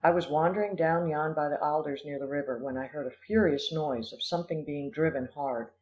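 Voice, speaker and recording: A man voicing an excitable Scottish terrier. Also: fairly high pitch, a little fast, lightly acted. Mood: uneasy. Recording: dull lo-fi recording.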